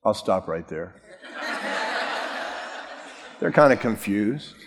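A man's voice: fairly low pitch, extremely slow, background noise. Man preaching in a reverberant hall. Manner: storytelling, acting out biblical characters with lively voices; casual, humorous. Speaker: pastor. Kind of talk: sermon.

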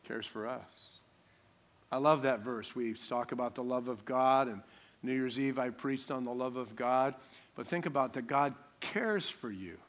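A man's voice: mid-range voice, moderate pace. A man preaching a sermon, emphatic, repeating key lines and calling for audience responses. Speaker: pastor.

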